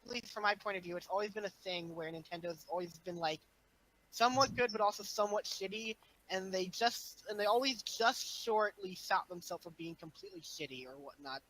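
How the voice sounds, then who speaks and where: A man talking casually on a podcast, rambling with lots of fillers and animated swings in emphasis. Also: high voice, fairly quick, poor audio. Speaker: podcast guest. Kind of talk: casual chat.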